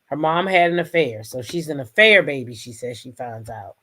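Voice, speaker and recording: A woman hosting a casual livestream, reacting to clips and thanking viewers in an animated, exclamatory way. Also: a bass voice, moderate pace. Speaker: host.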